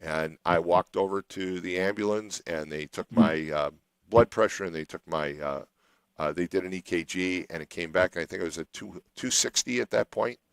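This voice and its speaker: A man's voice: low-pitched, moderate pace, creaky, clear, resonant tone, dry recording, poor audio. A middle-aged man hosting a radio show, telling a long personal story in a rambling way with many restarts.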